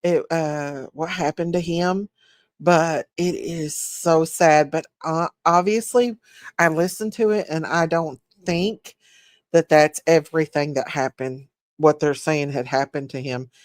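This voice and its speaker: A woman's voice: low-pitched, fairly even intonation, unhurried, dry recording, studio quality. A woman hosting a casual livestream, chatting, laughing and greeting viewers by name. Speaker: livestream host.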